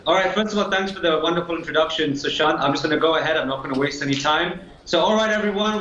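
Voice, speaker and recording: A man's voice: a little high, bright, forceful tone, echoey room, lo-fi sound. A man who is a guest impressionist, upbeat, introducing his characters one after another. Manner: upbeat, quick hand-offs between characters. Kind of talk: comedy impressions over video call.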